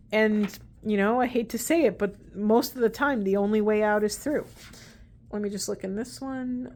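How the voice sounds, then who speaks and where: A woman talks through an oracle card reading in a loose, chatty way, earnest and rambling, circling back with frequent restarts. Her voice sits at an ordinary middle pitch. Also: a little mellow. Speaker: tarot and oracle card reader. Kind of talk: casual spiritual card reading to camera.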